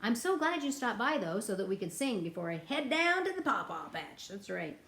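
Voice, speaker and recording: A woman's voice: mid-range voice, big pitch swings, normal speed, a bit bright. A woman teaching a children's music lesson, chatting playfully to the kids and breaking into sing-along nursery rhymes. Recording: echoey room with ukulele.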